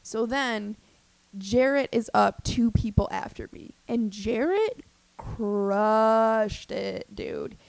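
A young woman in her twenties, a comedian hosting a podcast, telling a story in a rapid, scattered, excitable ramble. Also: a little high, vocal fry, dry recording. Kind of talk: casual storytelling monologue.

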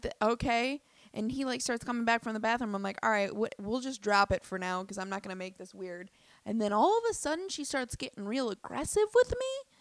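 A young woman telling a story in a casual, animated way, swearing often and restarting her sentences. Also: mid-range voice, no room sound. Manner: animated, profane, lots of fillers and restarts.

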